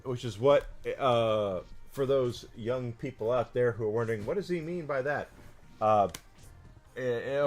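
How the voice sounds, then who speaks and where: A man's voice: fairly low pitch, a little mellow. A man in his forties chatting casually and outspokenly as a streamer, rambling with many fillers. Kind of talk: casual chat while gaming.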